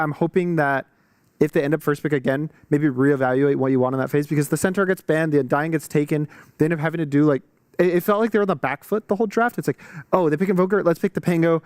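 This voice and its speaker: A male esports analyst talks through draft choices in a quick, filler-heavy flow. His voice sits somewhat high and sounds close and dry. He comes across as casual and opinionated. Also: darkish tone, smooth, no room sound.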